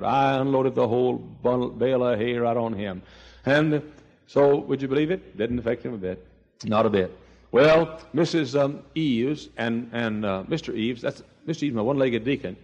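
A man's voice: medium pitch, darkish tone, long reverb tail, lo-fi sound. A man preaching a sermon, telling stories and acting out voices, with many restarts. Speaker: pastor. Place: church sanctuary.

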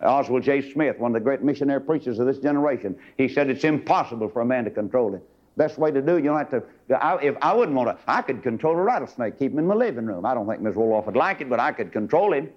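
Fiery preacher man, wildly swinging pitch. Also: lively intonation, fast. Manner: swings from low murmurs to high shouting bursts. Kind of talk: fiery old-time sermon. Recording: lo-fi old sermon recording.

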